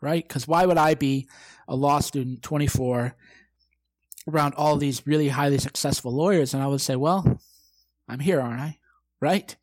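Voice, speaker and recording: A man's voice: a little high, normal speed, dry recording. A brash man, likely in his twenties, giving a profane motivational talk and acting out quoted exchanges. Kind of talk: direct-to-camera motivational talk.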